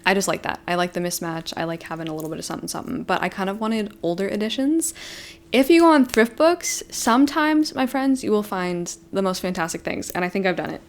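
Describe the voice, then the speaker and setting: A woman's voice: mid-range voice, fast. Gushing young woman book vlogger. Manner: gushing, excitable, talks to viewers as friends. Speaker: book vlogger and book club host. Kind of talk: casual chat to camera.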